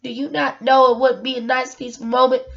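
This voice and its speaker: A woman talks straight to her audience in a personal vlog, earnest and emotional, circling back on her own words. Her voice sits a little high, and the home recording sounds dull and lo-fi. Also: little pitch movement, quick pace, creaky, a bit bright. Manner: emotional, earnest, repeats words, rhetorical questions. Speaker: single mother sharing her story.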